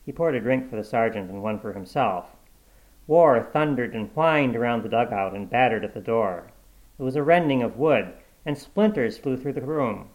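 A man narrating a short story aloud in a steady, measured storybook reading. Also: medium pitch, poor audio.

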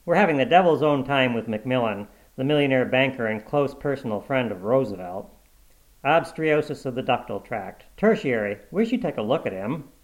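A man's voice: mid-range voice, animated, normal speed, close to an everyday voice, poor audio. A man voicing a nervous, distraught male surgeon, anxious and pleading, in a storybook reading.

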